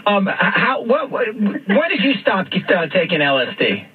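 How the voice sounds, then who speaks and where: A man's voice: high voice, huge pitch swings, a little slow, husky. A male radio host interviewing a guest, chatty and stumbling, often repeating his words. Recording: phone-like radio broadcast.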